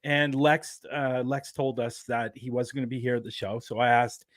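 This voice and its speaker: A man hosting a podcast, chatting in an easygoing, friendly way with some halting restarts. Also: mid-range voice, flat delivery, no room sound, clean studio sound. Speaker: podcast host. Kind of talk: casual podcast chat.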